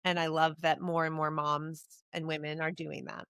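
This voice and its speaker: A woman's voice: low voice, little pitch movement, moderate pace, fairly bright tone, clean tone, no room sound. Woman cohost telling a heartfelt story, candid and open, dry close mic. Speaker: podcast co-host and sports broadcaster. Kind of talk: casual chat.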